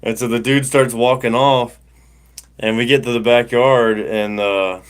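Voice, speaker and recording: A man's voice: medium pitch, steady tone, measured pace, clean tone. A middle-aged man, hosting a casual livestream and telling a rambling story full of fillers and restarts. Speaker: livestream host.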